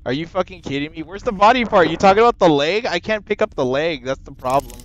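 A man's voice: a little high, lively intonation, fast talker, muffled recording. A young man streaming a game, ranting, exasperated and cursing at it. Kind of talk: frustrated gameplay commentary.

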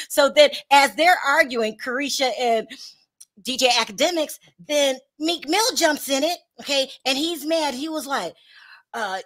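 High-pitched lady doing gossip commentary, chatty, laughs and goes "y'all ain't right". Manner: chatty and animated, laughs and scolds in drawn-out repeats; reads out viewer comments. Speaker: celebrity gossip host.

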